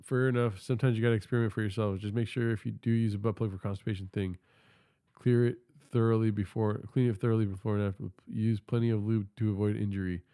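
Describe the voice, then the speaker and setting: A man's voice: fairly low pitch, steady tone, quick pace, mellow, smooth, no room sound. A text-to-speech male voice reading polite, careful assistant replies full of advice. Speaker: AI chat assistant.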